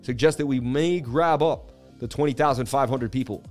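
Male market live-streamer, animated, casual, mid-pitched voice, faint music in the background. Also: moderate pace. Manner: animated, casual, hype-driven. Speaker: crypto market analyst host.

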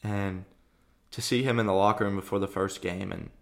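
A young man from Arkansas hosting a podcast, telling a story in a chatty, animated way with lots of fillers. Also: low voice, normal speed, vocal fry. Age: young adult. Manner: chatty, frequent fillers and restarts, animated retelling. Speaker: podcast host. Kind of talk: casual storytelling monologue.

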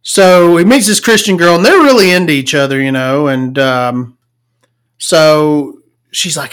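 A woman's voice: low voice, a little slow, smooth. A woman giving a casual, profane, sarcastic movie review from her recliner at home.

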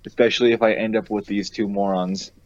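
A man's voice: fairly low pitch, level tone, fairly quick, dry recording. Exasperated man player, lo-fi mic. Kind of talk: in-character chat in a tabletop game. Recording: slightly dull lo-fi sound.

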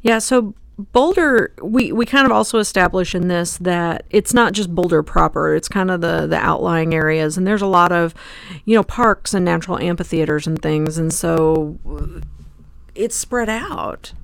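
A co-host in a casual book discussion, chatty and quick to chime in with agreement. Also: medium pitch, gravelly, no room sound. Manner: chatty, lots of short agreeing interjections. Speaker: podcast co-host.

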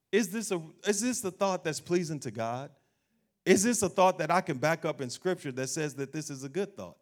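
A man preaching an animated sermon as pastor, acting out doubting voices and laughing along the way. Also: fairly high pitch.

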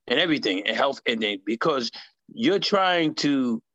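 A man joins the talk as a guest, chiming in often with short agreements. His voice is mid-pitched, slightly dull and muffled, and dry with no room sound. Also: animated, normal speed, bright, forceful tone, dry recording. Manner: frequent short agreeing interjections. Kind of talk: casual conversational discussion.

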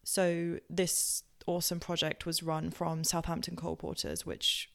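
A woman's voice: on the low side, monotone, a little slow, creaky. A woman from Southampton with a posh southern English accent, telling personal stories on her podcast in a rambling way, with many fillers and self-corrections. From Southampton, England. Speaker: podcast host. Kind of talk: casual personal storytelling.

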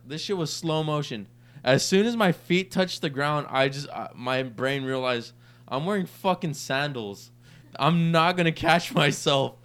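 A man's voice: on the high side, fairly bright tone. A young man on a podcast, casually telling a long, profane story and acting out the quoted lines. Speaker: podcast co-host.

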